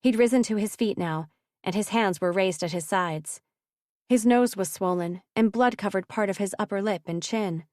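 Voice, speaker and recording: A woman's voice: mid-range voice, normal speed, darkish tone, no echo, studio quality. Woman narrating a fantasy audiobook. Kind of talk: scripted narration.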